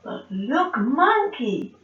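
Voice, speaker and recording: A woman teaching young children online, speaking very slowly and clearly with a high, bright voice. She swings dramatically from hushed whispers to shouts. The room echoes and the sound is slightly dull. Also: slight background noise. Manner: animated, slow and clear, whispers and shouts for effect.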